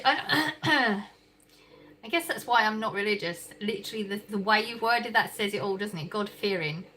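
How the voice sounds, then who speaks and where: A woman's voice: mid-range voice, normal speed, sharp tone, rough recording. A woman with an English accent hosting a casual livestream from her kitchen, reading chat comments aloud and laughing often. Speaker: livestream host. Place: home kitchen.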